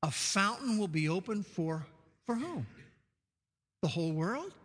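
A man's voice: high voice, big pitch swings, a little slow, fairly bright tone, husky. A male preacher delivering a sermon, emphatic, repeating key phrases for stress. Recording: long hall reverb.

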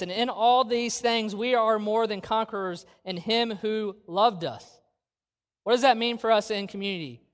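A male preacher delivering a sermon in a church sanctuary, his voice sitting high for a man. He asks the congregation question after question and slows right down to stress a point. The sound carries a long reverb from the large hall. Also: fairly bright tone, smooth. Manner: earnest, with rhetorical questions and slow emphatic phrases.

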